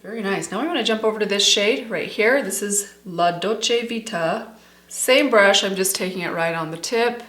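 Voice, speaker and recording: A woman's voice: mid-range voice, fairly quick, few pauses, a bit bright. A middle-aged woman beauty vlogger chatting casually and enthusiastically through a makeup tutorial, talking straight to her viewers. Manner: chatty, enthusiastic, addresses viewers as "you guys". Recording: echoey room.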